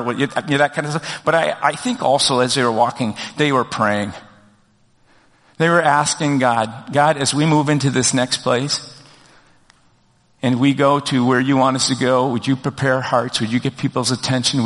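The long reverb of a large hall surrounds a pastor's conversational sermon, delivered in a gravelly, medium-pitched, slightly bright voice. He keeps posing rhetorical questions while preaching.

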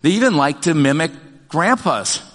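An older man preaching a sermon as pastor, talking in a conversational, animated way with many fillers and restarts. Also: a little high, moderate pace, big-room sound.

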